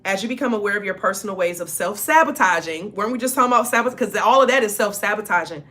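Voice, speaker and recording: A woman's voice: medium pitch, expressive, fast talker, pushed and bright. A woman giving a casual spiritual reading to her viewers, talking in a direct, emphatic, chatty way and often checking in with "okay?". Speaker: spiritual reader channeling ancestor messages.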